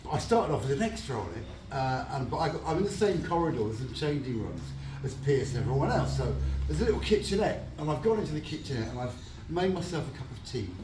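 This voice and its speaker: A man and guest actor telling anecdotes on a fan panel, animated and laughing, acting out voices in his stories. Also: on the high side, background noise. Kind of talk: anecdotal storytelling to an audience. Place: event hall before a live audience. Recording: echoey hall, distant mic, crowd.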